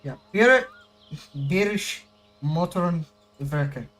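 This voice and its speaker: A man's voice: a little high, fairly even intonation, a little slow. Rambling American man streaming a game. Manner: rambling, self-questioning, trying out German words. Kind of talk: casual live-stream chat.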